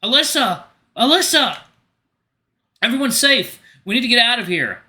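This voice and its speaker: A man doing a young hero yelling, high and strained. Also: big pitch swings, moderate pace, full character voice. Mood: desperate. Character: young male hero yelling for a lost friend.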